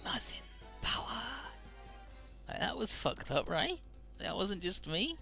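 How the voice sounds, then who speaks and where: A man's voice: sits high, big pitch swings, unhurried, creaky, pushed and bright, faint music behind. A young man giving casual, rambling and profane commentary over a video game playthrough. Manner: rambling, profane, jokey retelling. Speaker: Let's Play commentator.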